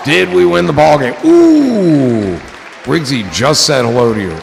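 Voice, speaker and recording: A man's voice: medium pitch, lively intonation, brisk, creaky, in a large hall, a crowd in the background, noisy background. A man hosting a livestream in casual chat, rambling and joking with a loose, swearing manner. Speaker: livestream host.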